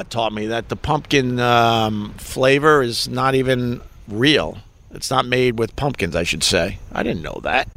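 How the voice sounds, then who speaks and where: A middle-aged man hosts a live stream in loose, casual chat. He rambles from topic to topic, swears freely and pokes fun at himself. His voice sits at an ordinary middle pitch. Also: gravelly, sharp tone. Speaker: podcast host on a live stream.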